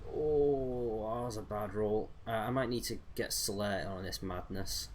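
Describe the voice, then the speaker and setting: Give me a young man rambling through a let's-play, voice on the low side. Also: fairly even intonation, moderate pace, slight background noise. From United Kingdom. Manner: rambling, chatty, with frequent fillers and self-corrections. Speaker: gaming streamer. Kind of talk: casual let's-play commentary.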